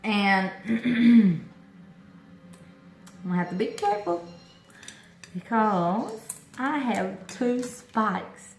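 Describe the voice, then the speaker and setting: A woman chatting excitedly to camera about her orchids, talkative, with lots of exclamations. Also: on the high side, drawn-out words, pauses often, roomy sound. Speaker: orchid-growing vlogger. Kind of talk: casual chat to camera.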